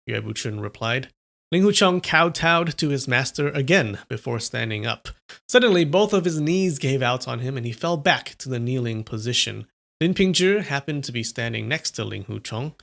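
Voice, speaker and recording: Gravelly man reading a novel aloud. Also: mid-range voice, animated, moderate pace, a bit bright. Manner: casual, chatty asides between reading. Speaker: live-stream reader.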